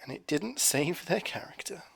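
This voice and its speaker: A man's voice: on the high side, sing-song, moderate pace, vocal fry, a bit bright, husky, faint music behind. A man streaming from his home kitchen, rambling casually to his chat as he cooks. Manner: rambling, chatty, talking to chat while cooking.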